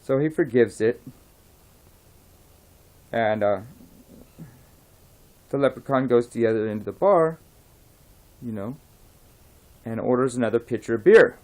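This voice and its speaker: A man tells a long joke in a casual, rambling way, at a mid-range male pitch. He circles back, restarts, and often drops to a soft voice. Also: unhurried, pauses often. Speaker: joke teller.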